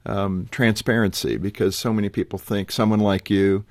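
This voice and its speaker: A man hosts a radio interview, his voice sitting low and steady. He asks questions and affirms his guest's answers. The sound is dry and close. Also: moderate pace, dry recording. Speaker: radio host.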